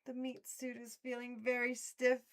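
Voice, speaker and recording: A woman's voice: a little high, completely flat delivery, a little slow, a bit bright. A woman hosting a casual livestream, talking playfully and theatrically to her chat, with frequent laughs, mock outrage and sudden whispers. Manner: laughs often between lines. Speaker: livestream host.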